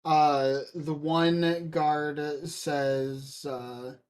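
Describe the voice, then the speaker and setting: A man running a tabletop game as game master, pausing often with ums and uhs. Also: on the high side, flat delivery, clear, resonant tone. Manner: halting, full of ums and uhs.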